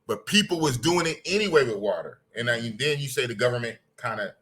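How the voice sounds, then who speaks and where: A man's voice: medium pitch, lively intonation, brisk, fairly bright tone, a little hiss or hum. A middle-aged man from the United States, hosting a casual podcast and reading out viewer comments in a blunt, slangy way that repeats its points. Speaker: podcast host. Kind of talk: casual podcast talk reading live chat.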